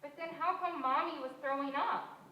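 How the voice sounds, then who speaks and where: A woman's voice: high-pitched, normal speed, bright, forceful tone. A teenage female student actor playing a small child who pleads and tattles. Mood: pleading. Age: teens. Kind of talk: stage play acting. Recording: echoey stage audio.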